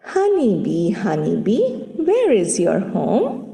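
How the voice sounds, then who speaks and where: A woman narrating a recorded listening lesson for young children, telling a story slowly and clearly. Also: fairly high pitch, huge pitch swings, warm tone. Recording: echoey hall recording.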